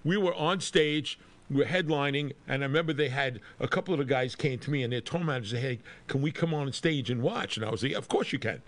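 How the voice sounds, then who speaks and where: A man's voice: mid-range voice, quick pace. A man who plays in a rock band, telling a rambling road story and laughing often in a casual podcast conversation.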